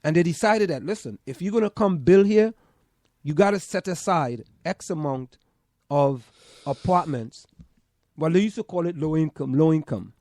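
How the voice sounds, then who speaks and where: A man's voice: a little high, animated, normal speed, a little mellow, no room sound, clean studio sound. A man with a Trinidadian accent, co-hosting a casual chat podcast, insistent and full of stammering restarts. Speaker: podcast co-host.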